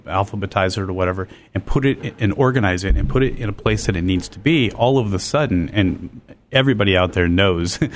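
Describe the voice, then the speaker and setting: A man who works as a business coach, a guest on a radio talk show, speaking in a relaxed, conversational way with fillers. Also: low-pitched. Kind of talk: radio interview.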